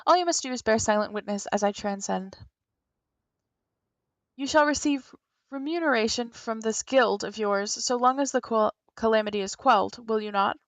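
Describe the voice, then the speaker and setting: A woman's voice: a little high, moderate pace, dry recording, natural voice. A woman voicing a proud, grandiose female spirit guardian in a video game, speaking in a pompous, theatrical formal manner.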